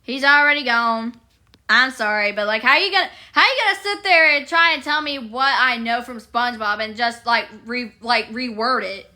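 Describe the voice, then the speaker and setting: A woman's voice: a little high, normal speed, pushed and bright. A woman live streaming, chatting casually with her viewers in a playful, giggly way.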